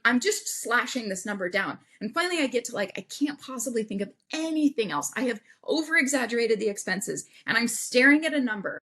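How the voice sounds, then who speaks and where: A woman guest on a podcast, telling a personal story in an animated way and acting out the voices of people she quotes. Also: a little high, husky. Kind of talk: casual storytelling interview.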